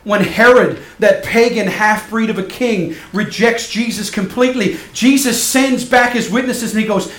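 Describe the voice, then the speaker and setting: A male pastor preaching a sermon, swinging from loud emphatic passages to soft hushed ones. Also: high voice, moderate pace, hardly any pauses, roomy sound.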